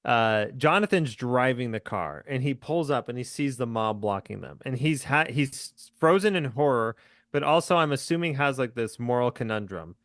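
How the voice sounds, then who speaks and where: A man's voice: mid-range voice, expressive, moderate pace, a bit bright, no room sound, clean studio sound. A man hosting a podcast, chatting casually and enthusiastically about a movie, laughing often. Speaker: podcast host.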